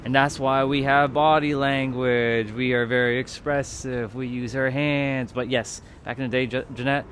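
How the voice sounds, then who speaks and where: A man's voice: medium pitch, steady tone, normal speed, a bit bright, a little hiss or hum. A man hosting a livestream, talking to his chat in a loose, rambling way, with lots of fillers and casual swearing. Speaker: livestream host.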